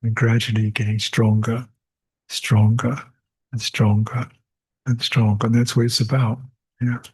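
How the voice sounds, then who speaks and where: Older male monk teacher, husky and unhurried, reflective retreat talk, chuckles, repeats phrases. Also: mid-range voice, level tone. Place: meditation retreat hall.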